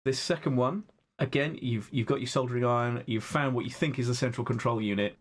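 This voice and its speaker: A man's voice: mid-range voice, brisk. A man narrating as game master of a tabletop game, chatty and laughing between lines. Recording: roomy echo, faint noise.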